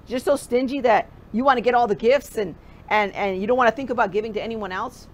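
A woman's voice: on the high side, fast talker. Woman preaching with a light background hiss. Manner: conversational preaching, asks the listener direct questions. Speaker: pastor. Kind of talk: sermon.

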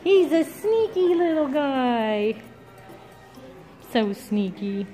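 Slow-talking playful mom. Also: female voice, high voice. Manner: animated, exclaiming, playful with child. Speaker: mother filming her child. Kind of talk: casual family vlog. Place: large indoor museum hall. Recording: background music over the audio.

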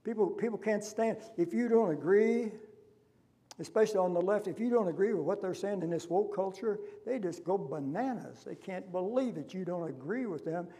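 A man's voice: sits high, moderate pace, warm tone. A man preaching a sermon as pastor, impassioned and full of rhetorical questions, in a church. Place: church sanctuary.

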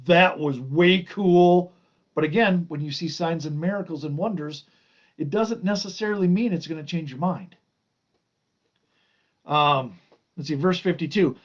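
A man's voice: on the high side, moderate pace, pauses often, lo-fi sound. A man teaching an informal Bible study, reading and explaining scripture, stressing and drawing out key words.

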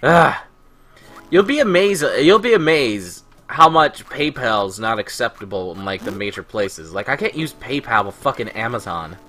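A man's voice: mid-range voice, very animated, moderate pace, pushed and bright, faint music behind. A man hosting a let's play, telling stories in casual gameplay commentary and ranting with a lot of swearing. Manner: profane, ranting storyteller.

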